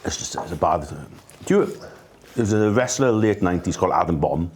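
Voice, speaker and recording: A man's voice: deep voice, animated, fairly quick, a little mellow. A Welsh man in his forties, a podcast guest telling self-deprecating stories in casual chat, laughing as he goes. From Wales. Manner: self-deprecating, laughs mid-story, chatty. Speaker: podcast guest, rugby coach.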